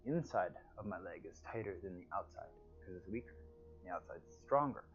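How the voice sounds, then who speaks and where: A man teaching a guided yoga class over a livestream, with calm, soothing, drawn-out cues and sighs of relief. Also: low voice, dull audio, faint music behind.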